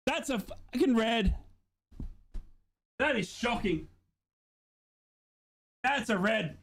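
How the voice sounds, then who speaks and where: A young man runs a live football watch-along, calling the action as an emotional, swearing fan. His voice sits high for a man. He talks straight to his viewers throughout the stream. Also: expressive, drawn-out words, long pauses, fairly bright tone.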